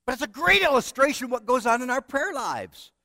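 A middle-aged man preaching a sermon, telling stories with self-deprecating humor and swinging between hushed and loud passages. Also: very high-pitched, very animated, brisk, dry recording. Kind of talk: sermon with storytelling.

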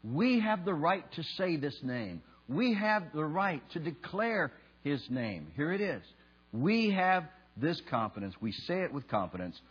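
Male pastor, husky voice, deliberate emphatic sermon delivery, dull lo-fi church recording with hum. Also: fairly high pitch, big pitch swings, a bit bright. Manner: slow, emphatic, leads the congregation in call and response. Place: church sanctuary. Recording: dull lo-fi sound with mains hum.

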